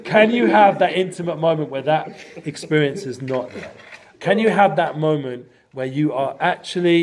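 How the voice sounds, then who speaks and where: A man's voice: a little high, moderate pace. Rambling man giving a casual inspirational talk. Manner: rambling, filler-heavy, animated with sudden loud bursts. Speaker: guest speaker.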